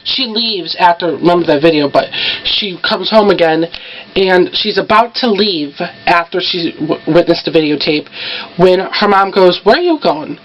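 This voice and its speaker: Chatty woman recapping a show, lo-fi. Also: fairly low pitch. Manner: chatty, fillers like "so" and "like", quick asides. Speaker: TV episode recapper. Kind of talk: casual recap vlog. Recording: dull lo-fi home recording with faint background noise.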